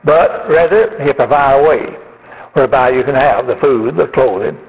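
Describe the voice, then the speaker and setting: A middle-aged man preaching a sermon at a steady, measured pace, often pausing on "uh". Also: medium pitch. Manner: measured, unhurried preaching with frequent fillers. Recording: phone-like audio in a long-reverb hall.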